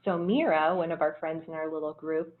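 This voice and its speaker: A woman casually telling stories about a trip, animated and laughing often. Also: sits low, a little fast. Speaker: traveler sharing trip photos. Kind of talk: casual storytelling. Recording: tinny phone-like line.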